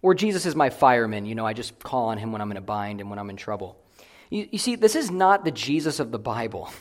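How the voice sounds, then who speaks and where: A young man delivering a sermon as a pastor, earnest, swinging between loud emphatic declarations and quiet, hushed asides. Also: medium pitch, very animated, fast talker.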